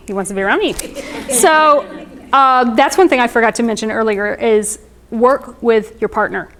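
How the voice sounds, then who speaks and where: A woman in her thirties giving an informal presentation on emotional wellness, conversational and explanatory, with frequent ums and asides. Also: a little high.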